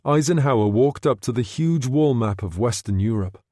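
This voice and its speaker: Expressive male audiobook narrator. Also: medium pitch, normal speed, few pauses, dry recording, studio quality. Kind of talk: scripted narration.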